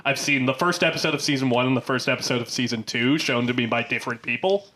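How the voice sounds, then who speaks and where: A man's voice: mid-range voice, fast talker, bright, forceful tone. A man co-hosting a film podcast in casual chat, rambling with many fillers and restarts. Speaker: podcast co-host.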